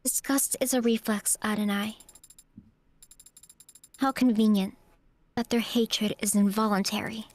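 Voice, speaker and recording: A woman voicing a calm female AI accused of a crime, speaking in a precise, faintly bitter way, as fan voice acting of a game. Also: medium pitch, measured pace, long pauses, dry recording, close to an everyday voice. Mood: cool.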